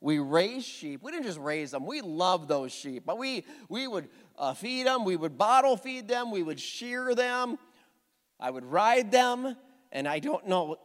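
A man's voice: high-pitched, big pitch swings, a little slow, a bit bright, long reverb tail. A middle-aged male pastor preaching a sermon to his congregation, telling stories with self-deprecating humor. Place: church sanctuary with a congregation.

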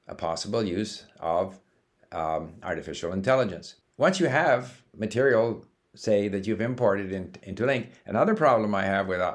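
Musing low-voiced man, casual monologue. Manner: thoughtful, musing, with many fillers and restarts. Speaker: language-learning app founder.

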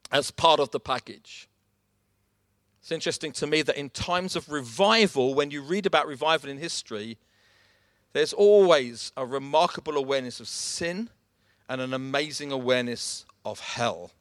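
A man's voice: on the high side, fairly bright tone, no room sound, clean studio sound. A man preaching a sermon, emphatic and direct, calling his listeners folks.

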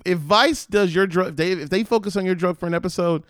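A man's voice: sits high, fairly quick, no room sound, studio quality. A man co-hosting a podcast in casual chat, joking around and laughing often. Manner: jokey, bursts into loud put-on voices and laughter. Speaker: podcast co-host.

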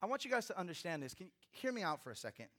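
Speaking very fast in a high voice with wide pitch swings, a man preaches as pastor. His sermon alternates forceful, loud sections with hushed moments, peppered with humorous personal remarks to his listeners.

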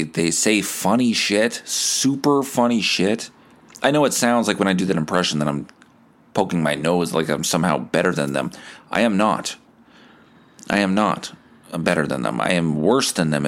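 Low-voiced, profane man. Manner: profane, rambling, stammering. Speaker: podcast host. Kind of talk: solo podcast rant.

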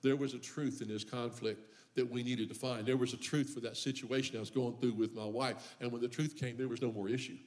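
Brisk and darkish in tone, this male pastor's medium-pitched voice stays fairly even. His sermon alternates between amusing personal anecdotes and fervent repeated lines that gain intensity.

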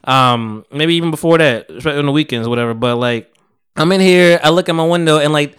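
A man's voice: on the high side, quick pace, fairly bright tone, clear, resonant tone. A man co-hosting a podcast, telling a long story in casual chat, rambling, laughing often and acting out what people said. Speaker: podcast co-host.

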